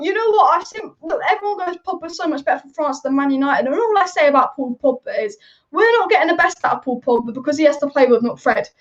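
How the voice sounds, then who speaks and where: High-voiced woman ranting about football. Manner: opinionated, rambling, passionate. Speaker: football channel host. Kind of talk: live-stream chat reading viewer comments. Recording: dull lo-fi stream audio.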